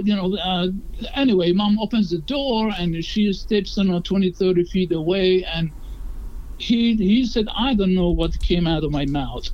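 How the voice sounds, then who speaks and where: Earnest high-voiced man telling a story. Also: a little mellow. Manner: earnest, acts out quoted dialogue. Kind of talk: conversational storytelling. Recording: dull lo-fi sound.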